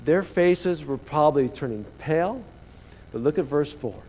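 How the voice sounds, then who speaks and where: Man, pastor, sermon, dramatic storytelling, slightly high voice, long church reverb. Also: moderate pace, breathy edge. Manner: dramatic, animated storytelling that calls out to the congregation.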